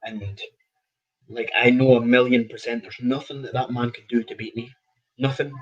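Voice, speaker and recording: A man's voice: mid-range voice, steady tone, moderate pace, muffled recording. A man, a professional boxer telling stories in a casual interview, rambling with restarts and laughing at himself.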